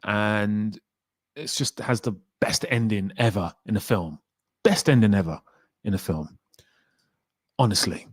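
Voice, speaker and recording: A man with a fairly low voice chats casually on a livestream, answering questions from his audience. He rambles a little and laughs easily. The sound is close and dry. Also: unhurried, pauses often, slightly rough, no room sound. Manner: relaxed, rambling, laughs often. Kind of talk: casual chat.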